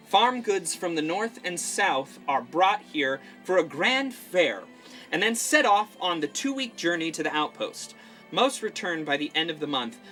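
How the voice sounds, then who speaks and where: A man's voice: on the high side, bright, forceful tone. A man running a tabletop game, reading scenario text aloud and chatting in an upbeat way. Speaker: game master. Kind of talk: casual game narration.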